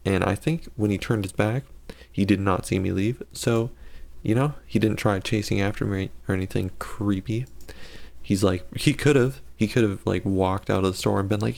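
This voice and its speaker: A man's voice: on the low side, normal speed, vocal fry, darkish tone. A man giving casual gameplay commentary and telling a story, rambling and correcting himself with sarcastic asides.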